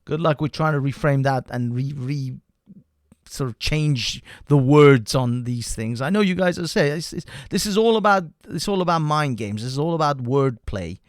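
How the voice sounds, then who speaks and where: A man from the United Kingdom hosts a live stream and rants in a heated, profane way, circling back to the same point over and over. His voice sits fairly high for a man. The sound is dry and close. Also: lively intonation, measured pace, no echo. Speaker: livestream host. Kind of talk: ranting political commentary.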